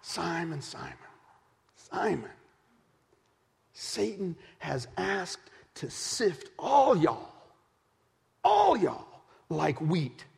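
A man preaching voices Jesus as a calm, earnest teacher, in a plain conversational way with folksy phrasing. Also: sits high, normal speed, hardly any pauses, husky, in a large hall, full character voice. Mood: warning.

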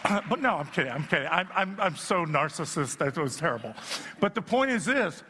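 Middle-aged male pastor, self-deprecating sermon delivery that builds to shouting, slightly high voice, reverberant hall. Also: sing-song, a little fast, breathy edge. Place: church sanctuary. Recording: long reverb in a church hall.

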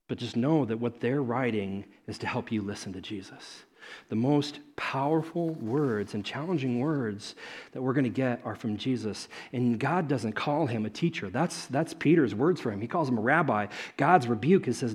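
A man preaching a sermon as pastor, animated, swinging between loud excited stretches and soft hushed ones, acting out characters in quick asides. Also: medium pitch, breathy edge.

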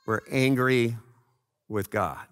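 A man preaching a sermon in a slow, earnest way, swinging between loud passages and hushed ones. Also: medium pitch. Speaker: pastor.

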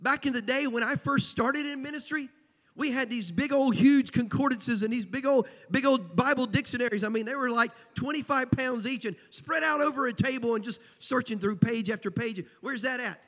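A man's voice: very high voice, normal speed, fairly bright tone. A man with a Southern US accent preaching a sermon as pastor, folksy and emphatic, repeating key phrases. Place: church sanctuary. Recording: long church hall reverb.

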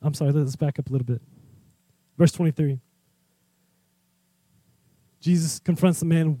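Brief: conversational male preacher, high voice, acts out the scenes, dry sound. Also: normal speed, pauses often, dark tone, no room sound. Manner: candid and personal. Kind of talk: sermon.

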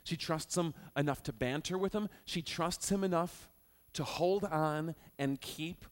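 A male pastor preaching a Bible-study sermon, animated and joking as he teaches. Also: a little high, a little slow.

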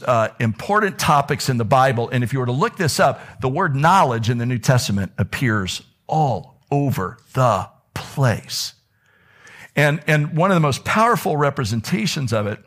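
A middle-aged man preaching a sermon as pastor, telling stories with animation and a voice that climbs high when excited.

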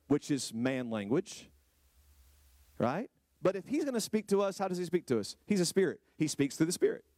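A male pastor preaches, questioning his congregation directly. His voice sits a little high, and it drops low and quiet, then climbs into loud, stretched-out exclamations. The recording is dry and close, with little room sound. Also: big pitch swings, normal speed, no echo. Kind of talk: sermon. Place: church hall with a congregation.

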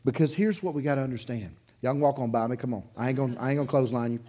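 Guy preaching to his church, folksy story mode, laughs a lot, gets loud then drops way down. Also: racing. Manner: conversational storytelling, chuckles between sentences; swings from loud excited bursts to quiet low asides. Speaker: pastor. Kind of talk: sermon. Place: church sanctuary, in front of a congregation.

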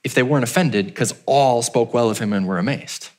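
This is a pastor's sermon from a man who tells the tale and shouts out the townspeople's parts, then goes soft and low to underline key moments. His delivery is brisk.

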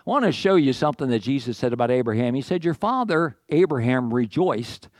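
A pastor giving a sermon in a conversational way, with asides, restarts and questions to the congregation. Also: male voice, mid-range voice, animated, brisk, darkish tone, no room sound, studio quality.

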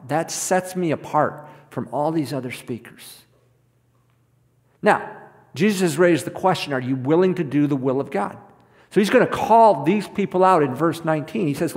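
A man's voice: a little high, animated, moderate pace. A man preaching a sermon in a conversational way, often repeating words as he goes. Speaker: pastor. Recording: long hall reverb.

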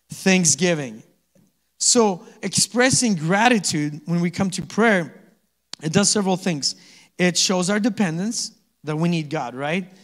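A man preaching a sermon as pastor, conversational and quick to chuckle, often asking the congregation to answer back. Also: on the high side, big-room sound. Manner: conversational, asks the congregation to respond; chuckles often between points. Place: church sanctuary.

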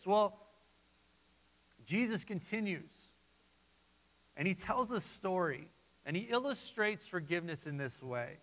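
A man preaching a sermon as pastor, animated and repeating his phrases as he voices listeners' doubts. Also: high-pitched, a little slow, long pauses, long reverb tail, rough recording.

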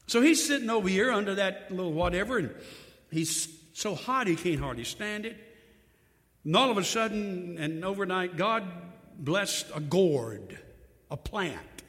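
A man's voice: high voice, very animated, measured pace, fairly bright tone. A man preaching a sermon, telling the story in a folksy way with emphatic repetition, in a church hall. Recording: long hall reverb.

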